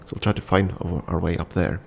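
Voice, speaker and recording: A man's voice: low-pitched, quick pace, creaky. A man casually commenting on a story game and reading its text aloud, thinking aloud with frequent ums. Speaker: game streamer.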